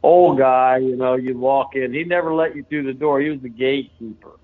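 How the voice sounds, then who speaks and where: A man's voice: medium pitch, steady tone, brisk. Rambling storyteller man on a phone line. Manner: rambling, folksy, lots of fillers. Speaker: interview guest. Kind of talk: casual storytelling. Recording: phone-like narrow sound.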